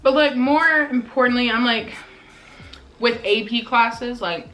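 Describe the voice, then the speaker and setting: A woman's voice: a little high, measured pace, pushed and bright, soft background music, rough recording. A teenage girl from Colorado chatting casually in a mukbang vlog, full of "like" fillers while she eats. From Colorado, USA. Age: teens. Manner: chatty, lots of "like" fillers, talks while eating. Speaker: vlogger.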